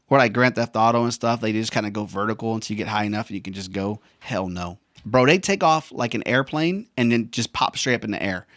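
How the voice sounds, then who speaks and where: A man's voice: mid-range voice, a bit bright, no room sound, studio quality. A veteran man telling a personal story in a casual, slangy way, often saying bro and man. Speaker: veteran vlogger.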